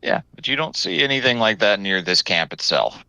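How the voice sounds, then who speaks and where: A man's voice: lowish voice, big pitch swings, brisk, gravelly, pushed and bright, clean tone, no echo, poor audio. A man running a tabletop game as game master, narrating scenes and calling for rolls in an easygoing, joking way.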